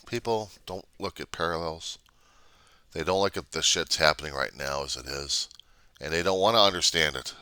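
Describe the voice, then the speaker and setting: A man's voice: extremely low pitch, moderate pace, long pauses, sharp tone, clear, resonant tone, dry recording. A man delivering an angry, blunt, profanity-laden vlog rant. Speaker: vlogger. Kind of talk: angry ranting monologue.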